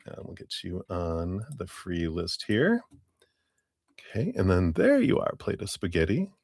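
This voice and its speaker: A man's voice: low-pitched, wildly swooping pitch, unhurried, a little mellow, no room sound, studio quality. A man hosting a live tarot reading stream, greeting viewers by name in a friendly, casual way and chuckling often.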